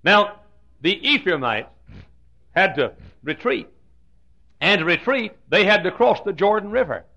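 Folksy Southern preacher, high lively voice. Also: male voice, a little slow, long pauses. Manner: folksy, joking asides, frequent throat clearing. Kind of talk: humorous sermon storytelling. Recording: dull lo-fi sound.

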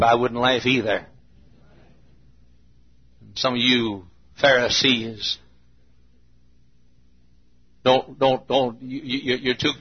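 A man's voice: mid-range voice, breathy edge. A man preaching a sermon in a church with an emphatic, repetitive cadence. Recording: muffled lo-fi recording.

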